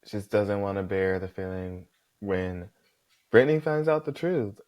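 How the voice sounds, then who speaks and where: A man recapping a reality competition episode in a sassy, animated, chatty way, swearing freely and calling people "girl". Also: on the low side, measured pace. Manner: chatty, talks straight to the viewer, fillers like "girl" and "like". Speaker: reality show contestant recapping his season.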